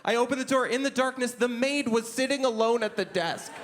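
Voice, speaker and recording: High-voiced young stand-up comedian. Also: male voice, fairly quick. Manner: animated storytelling, jumping into high excited voices for his own lines. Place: comedy club stage.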